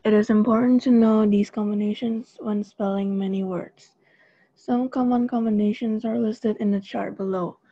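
A woman reading textbook instructions in an even, measured way. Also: medium pitch, breathy edge, no echo, highs cut off. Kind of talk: recorded textbook narration.

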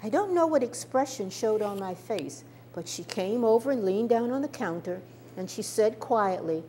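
Older woman storyteller, lively intonation, personal memoir, light stammer. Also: medium pitch, normal speed, a little hiss or hum. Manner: expressive, warm-toned recounting with small stammers.

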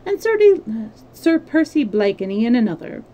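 A woman reading the lines of a sly, sarcastic French male agent in a smooth, mocking voice. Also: on the high side, very animated, normal speed, a little hiss or hum, rough recording. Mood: sardonic. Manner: smooth, mocking, quietly menacing.

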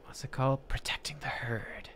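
A man's voice: mid-range voice, fairly even intonation, normal speed, fairly bright tone, whispered. A man streaming an online game, muttering to himself and swearing casually as he plays. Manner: muttering, swearing, thinking aloud. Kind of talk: casual gameplay commentary. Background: game music.

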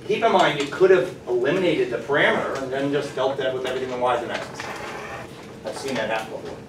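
A man's voice: medium pitch, fast talker. Encouraging male math teacher, distant and roomy. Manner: lively, encouraging, asks the class questions. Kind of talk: classroom lecture. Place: classroom. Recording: roomy classroom from far off, faint noise.

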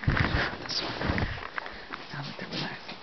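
A woman caring for foster dogs at home, narrating a home video and coaxing the dogs along in a sing-song voice. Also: slow pace. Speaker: dog foster caretaker. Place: home, in and out of doors. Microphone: handheld camera. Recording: dull lo-fi camera audio with loud noise.

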